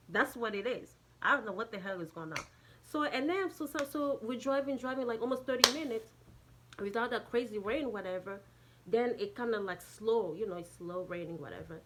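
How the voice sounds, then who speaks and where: A woman's voice: medium pitch, normal speed, a bit bright. A woman with a Jamaican accent telling a casual storytime, rambling, swearing and restarting sentences often. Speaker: vlogger.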